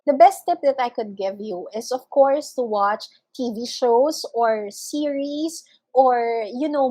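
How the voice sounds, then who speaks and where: A woman's voice: on the high side, a little mellow, dry recording, poor audio. A woman teacher giving a recorded lesson, explaining patiently and leaning on fillers like "of course" and "okay".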